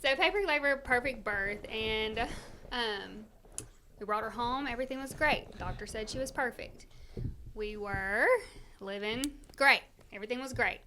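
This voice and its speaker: Animated, bright-voiced Louisiana woman telling her story. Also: fairly high pitch, moderate pace, a little hiss or hum. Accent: Cajun Louisiana. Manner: animated, emphatic retelling. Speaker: guest, mother. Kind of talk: casual interview storytelling.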